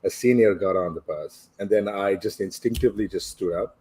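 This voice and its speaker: Husky low-voiced man. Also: a little fast, warm tone. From India. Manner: reflective, chuckles while telling a story. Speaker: podcast guest. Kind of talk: casual storytelling.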